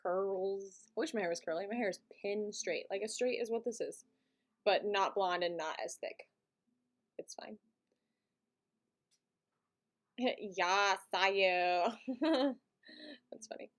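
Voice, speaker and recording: A woman streams live from a home setup, chatting and giggling casually as she talks to her chat. Her voice is mid-range and moves at a moderate pace.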